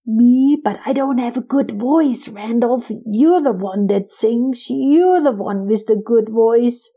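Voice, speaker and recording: A woman voicing a small, timid male squirrel with a slightly higher, anxious voice. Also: slow pace, warm tone, slightly rough, exaggerated voice. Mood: shy.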